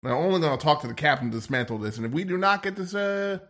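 A man's voice: a little high, animated, fast talker, a bit bright. A man playing a weapons officer in an improvised sci-fi role-play, narrating his fights with bravado and laughs.

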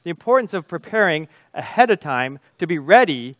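A man's voice: fairly high pitch, big pitch swings, a little fast, a bit bright, no echo, dull audio. A man, in his thirties, preaching a sermon and telling a family story with chuckles.

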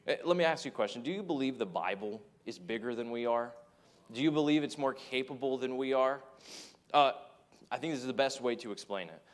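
A man's voice: medium pitch, fairly quick. A man preaching a sermon in earnest, telling stories and acting out quotes from his listeners. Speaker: pastor.

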